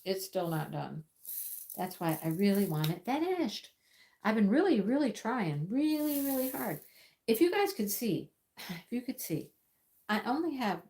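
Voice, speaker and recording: A woman with a mid-range, somewhat dark voice hosts a casual livestream from her crafting table at home. She chats while she crafts, rambling and often repeating her words.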